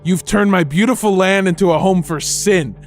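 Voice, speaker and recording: A man's voice: high-pitched, moderate pace, faint music behind, close to an everyday voice. A man voicing a vengeful, hulking male killer who owns a camp, indignant and accusing.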